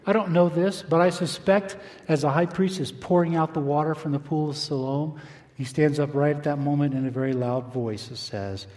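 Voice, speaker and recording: A man preaching a sermon, reading scripture aloud and slowing down for emphasis. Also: a little high, darkish tone, in a large hall. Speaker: pastor.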